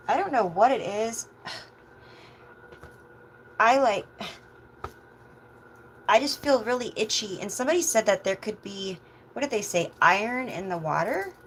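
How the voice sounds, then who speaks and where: A woman chatting casually on a livestream as a tarot reader, meandering with soft asides. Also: medium pitch, slight background noise, rough recording.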